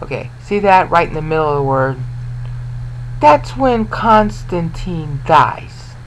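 A man talks through a scripture lesson at an unhurried, deliberate pace. His voice sits a little high for a man. He keeps turning to the listener with questions, and a faint noise hangs behind him. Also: sing-song, low-quality recording. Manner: explanatory, repeats and restarts words, asks listener questions. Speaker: Bible teacher. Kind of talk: informal Bible lesson.

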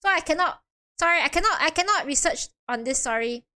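A young woman chatting through a game stream, giggling and apologizing as she goes. Her voice sits high and bright, with wide lively swings in pitch. She often loses her thread and repeats herself. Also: quick pace, a little hiss or hum.

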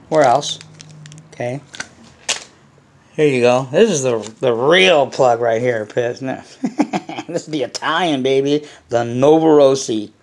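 A man's voice: mid-range voice, unhurried, long pauses. A man hosting a casual unboxing vlog, rambling and blunt, swearing freely as he talks to his viewers. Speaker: hobby channel host.

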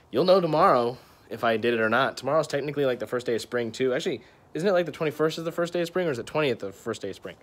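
A man's voice: fairly low pitch, fairly bright tone. Rambling young man vlogging after a run. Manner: rambling, indecisive, chatty. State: sweaty and winded after a run. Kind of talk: casual vlog chat. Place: outdoors, walking home.

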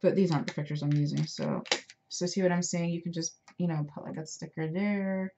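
On the low side and fairly quick, this animated woman's voice leads a crafting tutorial. She keeps up a chatty, self-deprecating commentary while she works, captured in a dull, noisy lo-fi home recording.

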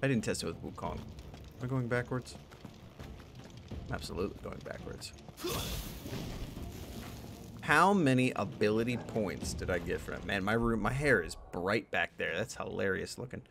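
A young man in a let's play, talking through the game, excitable, swearing and thinking out loud. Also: on the low side, normal speed, gravelly, long pauses, noisy background. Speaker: gaming YouTuber.

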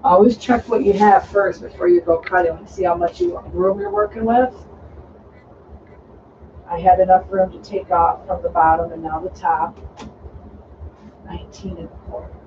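Relaxed sewing teacher, heard from afar. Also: medium pitch, moderate pace, slight background noise. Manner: relaxed, instructive, talking while cutting fabric. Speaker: sewing tutorial host. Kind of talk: casual step-by-step sewing tutorial. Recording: distant dull lo-fi sound with faint room ambience.

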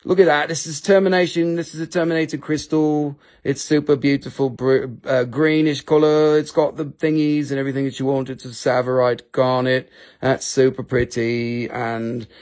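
A man hosting a live crystal sales stream in a casual, rambling, joking way, swearing freely and sometimes putting on high-pitched mock voices. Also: level tone, moderate pace, darkish tone.

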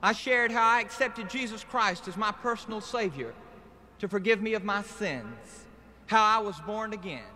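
A Southern man with a high, bright voice gives an earnest testimony in a plain-spoken preaching cadence. His words ring out with long stadium reverb on an old archival live recording, over a faint hiss. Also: lively intonation, moderate pace. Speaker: guest speaker giving testimony. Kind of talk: evangelistic testimony speech. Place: outdoor stadium rally.

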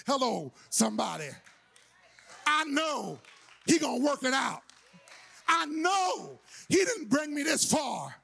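A man preaches in a church, swinging his voice up and down with big animated energy. He shouts and plays with the crowd as he tells the story. There is a gravelly rasp under his high, lively delivery. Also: a little slow. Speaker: pastor. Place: church sanctuary.

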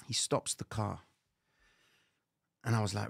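A man hosting a live stream, telling a dramatic personal story with lively slang. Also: on the low side, measured pace, gravelly, pauses often, slightly rough, no room sound, studio quality. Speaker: trading show host.

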